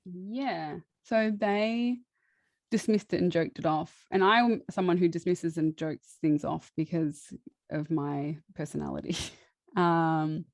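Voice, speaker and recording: A woman's voice: fairly low pitch, fairly even intonation, slow, vocal fry, darkish tone, no room sound, studio quality. A woman, a guest chatting through a personal story, laughing often and restarting her sentences.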